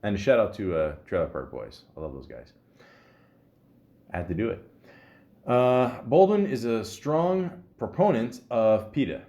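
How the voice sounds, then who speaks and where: A man's voice: mid-range voice, a little mellow. A man hosting a comedic podcast, reading out trivia and breaking into rambling, profane asides full of fillers. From Canada. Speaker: podcast host.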